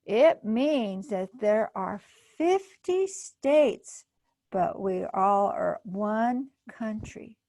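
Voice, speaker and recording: A woman librarian reading a storybook to children, gently asking them questions as she goes. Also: mid-range voice, lively intonation, drawn-out words, dry recording. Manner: gentle, asks children questions, soft gasps. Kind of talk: children's storytime read-aloud.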